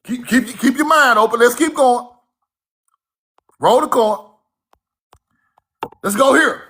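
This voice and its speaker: A man giving a casual, fiery online lecture, cussing freely, repeating himself and shouting key words. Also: extremely high pitch, lively intonation, slow pace, vocal fry, long pauses. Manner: laughs at own points.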